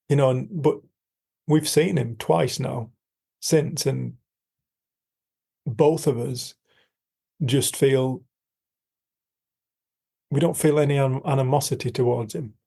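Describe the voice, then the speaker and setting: A man's voice: mid-range voice, gravelly, mellow, breathy edge. A middle-aged man, a coach, talking candidly in an interview, earnest and frank, repeating himself and swearing now and then. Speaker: coach and podcast guest. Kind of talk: candid storytelling conversation.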